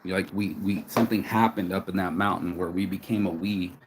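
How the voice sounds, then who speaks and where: A man's voice: sits low, fairly even intonation, a little fast, background noise. An emotional man talking outdoors in a rambling vlog monologue, restarting phrases and swearing casually. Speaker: vlogger. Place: outdoors, sitting on a bench.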